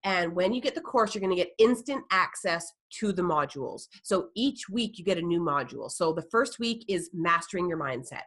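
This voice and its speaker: A woman life coach hosting a live webinar, gushing and excitable, full of fillers and "like". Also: on the low side, fairly quick, few pauses, husky.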